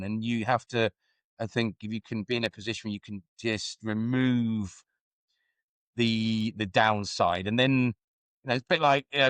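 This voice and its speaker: A middle-aged man speaks as a podcast guest in a thoughtful, musing way, often circling back with "you know" and restarting his sentences. His voice sits at a middle pitch. The sound is dry and close, with no room echo. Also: a bit bright. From England. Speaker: guest, former football club executive. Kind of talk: podcast conversation.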